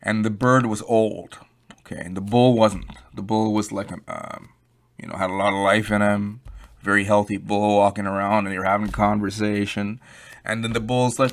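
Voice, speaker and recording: Rambling man with a low voice. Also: fairly even intonation, normal speed. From Canada. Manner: rambling and emphatic, addresses viewers as "guys". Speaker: YouTube crypto commentator. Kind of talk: casual unscripted commentary.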